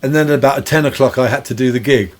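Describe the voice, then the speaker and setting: A man's voice: medium pitch, fast talker. Man, guest musician, anecdotal storytelling, rambling and chuckling.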